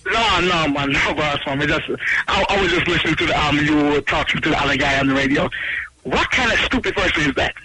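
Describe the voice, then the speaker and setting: A man's voice: a little high, a little fast, sharp tone, faint music behind, poor audio. A Jamaican man calling in to a radio show, insistent and sarcastic. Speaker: caller. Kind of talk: phone-in talk.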